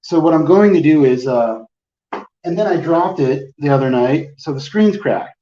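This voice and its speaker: A man's voice: on the high side, lively intonation, normal speed, dark tone. A man telling a long, exasperated story in casual chat, acting out everyone in it. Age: adult, with a phone plan since the early 2000s. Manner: rambling, exasperated, quotes people in his story. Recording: roomy, distant, dull lo-fi sound.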